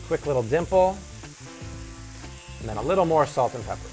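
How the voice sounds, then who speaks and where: A man's voice: a little high, expressive, brisk, a little mellow, soft background music. A man hosting a cooking tutorial in his kitchen, talking to viewers in an enthusiastic, chatty way. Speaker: cooking show host. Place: home kitchen at the stove.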